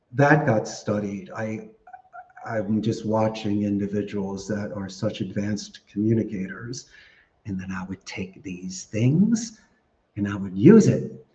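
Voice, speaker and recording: A man, a podcast guest giving casual interview answers in an animated, storytelling way and laughing often. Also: on the low side. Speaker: podcast guest, call center business owner. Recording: echoey room, dull lo-fi sound.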